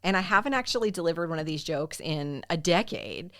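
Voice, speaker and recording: A woman's voice: deep voice, animated, brisk, a bit bright, no room sound, studio quality. A woman co-hosting a podcast, chatting casually and self-deprecatingly, with lots of "like" and "um". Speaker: podcast co-host.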